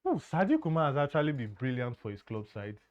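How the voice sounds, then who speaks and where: A man's voice: medium pitch, wildly swooping pitch, fast. A man giving earnest football analysis, often stumbling and repeating words. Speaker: football pundit. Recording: dull lo-fi sound.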